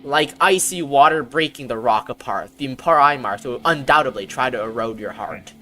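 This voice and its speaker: A stern orc warrior woman with a low, bright voice, read out by a woman. She speaks in a plain, measured way and stays close to an everyday voice. Faint music plays underneath. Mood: solemn. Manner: reads lines aloud in a plain, measured way.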